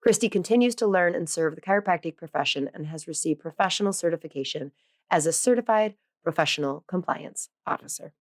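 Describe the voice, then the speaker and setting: Woman podcast host, lowish voice, dry close sound, bubbly and self-mocking, heavy on filler words. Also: a little fast, no room sound. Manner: chatty and self-deprecating, with many fillers; bubbly, playful asides. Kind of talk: casual podcast monologue.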